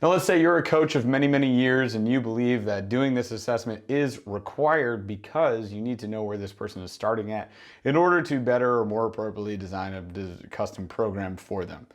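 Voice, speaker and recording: Emphatic male mentor, lowish voice. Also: a little fast. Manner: emphatic, rhetorical questions, mock dialogue. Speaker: business mentor for gym owners. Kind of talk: instructional monologue.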